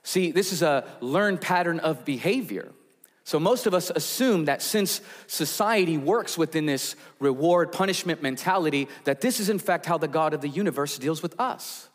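A man, a pastor, preaching a sermon in a conversational storytelling way with frequent fillers. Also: fairly high pitch. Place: church sanctuary. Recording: long church hall reverb.

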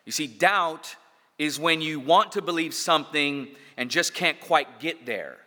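A man's voice: a little high, lively intonation, measured pace, pushed and bright. A man preaching a sermon as pastor, emphatic, building points through repetition and dropping in casual asides. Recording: long hall reverb.

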